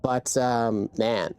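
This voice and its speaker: A woman's voice: extremely low pitch, dark tone. A woman game streamer chatting casually and profanely, rambling with many restarts into a desk mic. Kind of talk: casual live-stream chat.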